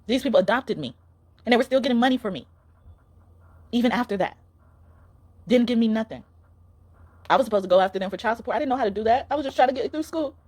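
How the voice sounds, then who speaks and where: A young woman with a fairly high voice gives a casual spiritual card reading. She speaks in an earnest, emotional way and often pleads with her viewers. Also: animated, quick pace, long pauses, darkish tone.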